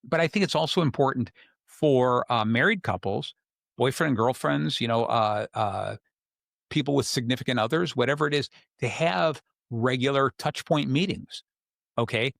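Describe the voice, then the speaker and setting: With a gravelly, fairly bright mid-range voice at a moderate pace, a man hosts a podcast of casual relationship advice. He's conversational and acts out what others say. The sound is clean studio audio without echo.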